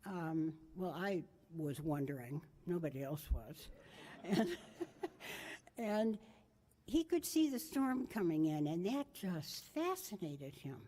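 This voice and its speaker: A woman's voice: lowish voice, big pitch swings, slow pace, mellow. Older lady telling family stories at a memorial, voice rises and dips a lot, keeps fixing her own words. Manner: rambling and anecdotal, correcting herself as she goes. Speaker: family member giving a memorial tribute. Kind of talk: memorial storytelling speech.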